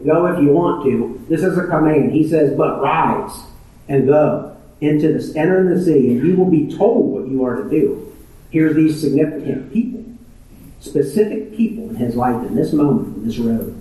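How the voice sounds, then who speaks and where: A man's voice: on the high side, warm tone. A man preaching a sermon, emphatic and fond of repeating phrases for stress. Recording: very echoey room, distant mic.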